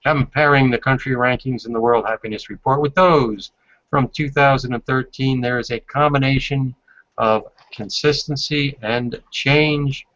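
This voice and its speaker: A man's voice: medium pitch, fairly even intonation, normal speed, fairly bright tone. A man hosting a casual video call, reading aloud from a report and adding asides. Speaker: host. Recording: dull lo-fi video call audio.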